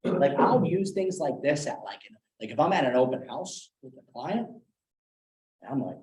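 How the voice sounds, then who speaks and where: A man running a live sales training session, animated, acting out different tones of voice as examples. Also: medium pitch, moderate pace. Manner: animated, demonstrates tones with acted quotes. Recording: echoey room.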